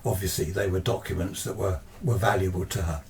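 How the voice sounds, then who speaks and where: Guy rambling through a ghost story, lowish voice, bit far from mic, faint hiss. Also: fairly even intonation, fairly quick. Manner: conversational, meandering retelling. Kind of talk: casual spoken ghost story.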